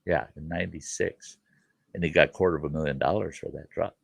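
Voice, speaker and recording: A man's voice: a bass voice, fairly even intonation, a little fast, creaky, slightly rough, no room sound, studio quality. A middle-aged man hosting a show and telling a rambling childhood story in a folksy, casual way. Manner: folksy, rambling, with fillers like "you know". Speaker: host and storyteller.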